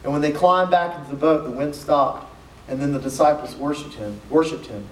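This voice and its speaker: A man's voice: a little high, a little fast. A man giving a casual, joking youth sermon at a camp, reading scripture with playful asides. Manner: joking, conversational, reads scripture aloud with asides. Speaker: camp speaker. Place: camp meeting hall. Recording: echoey hall from far off, faint noise.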